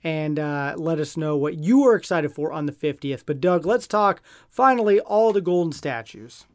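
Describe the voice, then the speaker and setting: A podcast co-host chatting casually, upbeat and teasing as they read through a list. The talk stays relaxed and friendly. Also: mid-range voice, moderate pace. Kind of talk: casual chat.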